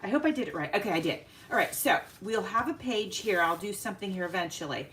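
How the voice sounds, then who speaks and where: A woman hosting a casual craft livestream, chatting warmly with viewers by name and laughing often as she works. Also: mid-range voice, lively intonation, fast talker, slight background noise.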